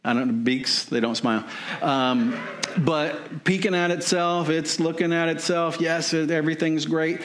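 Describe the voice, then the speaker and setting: Male preacher, storytelling, rambling and repetitive, slightly high voice. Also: steady tone, measured pace, slight background noise. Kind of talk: sermon storytelling.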